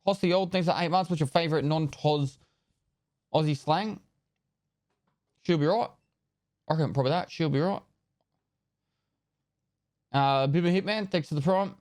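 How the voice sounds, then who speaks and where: A man streaming live, casually chatting and rattling off viewer names and thanks in quick bursts, loose and joking with the odd swear, into a close desk microphone. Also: on the high side, darkish tone, no room sound. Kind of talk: casual live-stream chat, reading out subscriber thank-yous.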